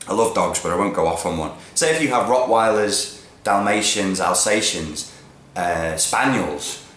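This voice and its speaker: Blunt, profane man ranting. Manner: blunt and profane, swings from low mutters to loud emphatic peaks. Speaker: vlogger giving opinions. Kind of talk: ranting monologue to camera. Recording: roomy echo with faint background noise.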